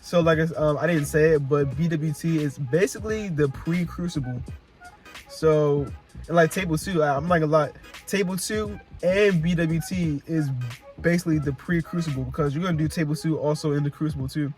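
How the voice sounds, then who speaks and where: A man's voice: fairly high pitch, steady tone, a little fast, darkish tone, faint music behind. A young man telling casual, slang-filled stories to camera, often repeating himself and laughing as he talks. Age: young adult. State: emotional, close to tears. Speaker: vlogger recounting Marine boot camp. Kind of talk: casual chat.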